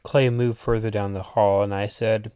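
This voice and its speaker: A man reading a spooky story aloud as its narrator, in a deliberate manner with the odd aside to his listeners. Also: fairly low pitch, flat delivery, mellow, clear, resonant tone, no room sound, studio quality. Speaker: channel host reading his own story.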